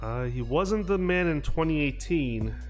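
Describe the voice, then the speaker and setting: A man's voice: on the high side, animated, measured pace, faint music behind. A man from Chicago streaming a football video game, joking and trash-talking with chat. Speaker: gaming streamer. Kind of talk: casual live-stream commentary.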